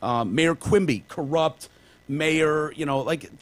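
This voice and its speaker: A man's voice: on the high side, slow, no room sound. A man co-hosting a casual podcast, rambling through examples and swearing casually. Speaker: podcast co-host.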